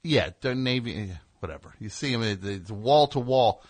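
A man's voice: medium pitch, expressive, normal speed, no echo. Sarcastic ranting male radio host, dry. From New Jersey. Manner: ranting, sarcastic comic riffing. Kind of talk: call-in radio talk show.

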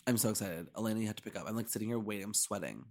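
A woman's voice: a bass voice, racing, very noisy. A podcast host who chats animatedly, gushing and filling her talk with "like". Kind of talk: casual chat.

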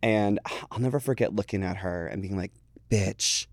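A low-pitched young man chats casually as a podcast guest, telling stories full of swearing and voiced quotes. The sound is dry and close. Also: a little fast, a little mellow, dry recording. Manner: chatty storyteller, swears freely, acts out quotes. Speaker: podcast guest, drag performer. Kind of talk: casual chat.

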